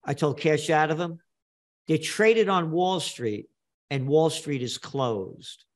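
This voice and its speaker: An older New man tells his story in an interview, blunt and emphatic, hammering key phrases home. His voice sits a touch higher than most men's. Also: expressive, slow pace. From New York. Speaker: guest. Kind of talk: animated storytelling interview talk.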